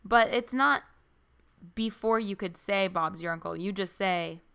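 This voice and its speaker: A woman's voice: medium pitch, unhurried, creaky, a bit bright, clear, resonant tone. A woman co-hosting a casual book podcast, chatty and giggly with lots of fillers. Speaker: podcast co-host. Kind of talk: casual book discussion chat.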